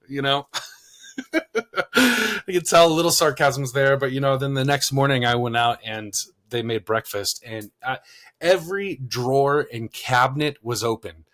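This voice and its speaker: A man's voice: mid-range voice, moderate pace. Male podcast co-host, mid-range voice, loose rambling storyteller. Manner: rambling, many fillers, animated when quoting himself. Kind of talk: casual conversational storytelling.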